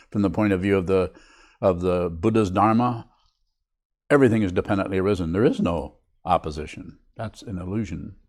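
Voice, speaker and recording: An older man, a Buddhist teacher, giving a reflective, unhurried dharma talk to a meditation group. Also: sits low, darkish tone.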